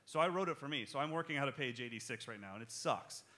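A man leading a drum clinic in front of a crowd, animated and joking. His voice is bright and forward, and he talks straight to the room. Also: mid-range voice, quick pace. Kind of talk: live drum clinic talk with Q&A. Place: music shop clinic in front of an audience.

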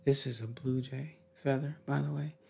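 A man with a very gravelly voice talks straight to his viewers in a loose ASMR chat. His tone is husky and rough at the edges, and it sits at a middle pitch. He rambles on in an upbeat, affectionate way, slipping into whispers now and then. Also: steady tone, moderate pace, darkish tone. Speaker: ASMR creator.

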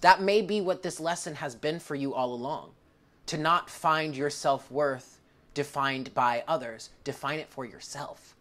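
A woman with a low voice reads tarot cards for her viewers. She sounds close to tears and speaks emotionally, calling the listener honey and swearing freely. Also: measured pace, a bit bright. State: tearful. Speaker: tarot reader.

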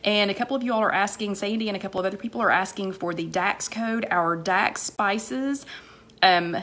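A woman's voice: mid-range voice, fairly quick, fairly bright tone. Chatty woman greeting live viewers. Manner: chatty, rambling, greets viewers by name between sentences; many fillers and repeated phrases. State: slightly hoarse with a cold, coughing. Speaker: vlogger hosting a live online chat. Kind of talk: casual live-stream chat greeting viewers.

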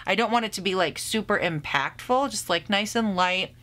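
A woman's voice: medium pitch, normal speed, a bit bright. A woman beauty vlogger reviewing makeup in a gushing, sassy, chatty way with frequent laughs and gasps.

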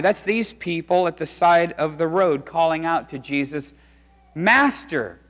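High-voiced pastor preaching in church. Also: male voice. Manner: conversational, dramatic storytelling from loud to hushed. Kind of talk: sermon. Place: church sanctuary. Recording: reverberant church sanctuary.

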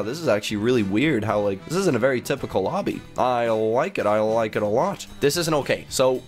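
A young man giving excitable game commentary, gasping and reacting as he plays. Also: medium pitch. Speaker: gaming YouTuber.

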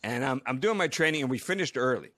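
A man's voice: mid-range voice, lively intonation, fast talker, bright, forceful tone, no room sound. A middle-aged man co-hosting a podcast, telling stories casually with stammered restarts and frequent laughs. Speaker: podcast co-host. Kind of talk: casual storytelling chat.

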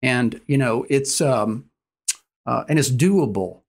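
A man in his sixties, a guest telling stories in conversation, earnest and animated, acting out the dialogue. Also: mid-range voice, slow. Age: 60s. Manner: earnest, animated storyteller who acts out dialogue. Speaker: guest, business owner. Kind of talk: conversational storytelling.

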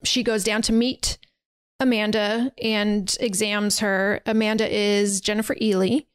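A woman's voice: medium pitch, level tone, measured pace, smooth, no echo. A woman hosting a podcast, casually retelling a horror film's plot in a chatty way with many fillers and restarts. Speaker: podcast host. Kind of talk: casual movie recap.

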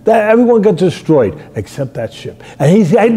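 Gravel-edged older man retelling fights. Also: mid-range voice, animated, normal speed. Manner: storytelling, acts out shouted quotes, rambling. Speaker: boxing trainer and show host. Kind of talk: animated fight analysis chat.

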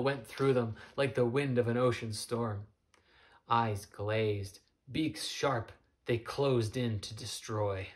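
A man reading a story aloud as narrator in a soft, measured way. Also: mid-range voice, fairly even intonation. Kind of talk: audiobook narration.

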